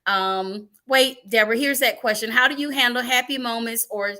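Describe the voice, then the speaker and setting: A middle-aged woman hosting a live online church talk show, telling stories in a lively, animated way. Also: on the high side, moderate pace. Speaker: ministry host.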